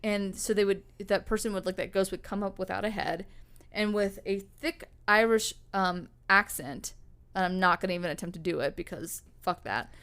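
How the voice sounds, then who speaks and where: A woman's voice: mid-range voice, normal speed, a bit bright, clean tone. A young woman co-hosting a podcast, telling a story in a loose, rambling way, with lots of fillers and casual swearing. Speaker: podcast co-host.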